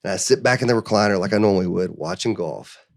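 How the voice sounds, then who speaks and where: A man guest on a podcast, telling a personal story in an animated, earnest way, often acting out what others said, with emotional restarts. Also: low voice, fast, vocal fry. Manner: animated storyteller who acts out other people's lines. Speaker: interview guest.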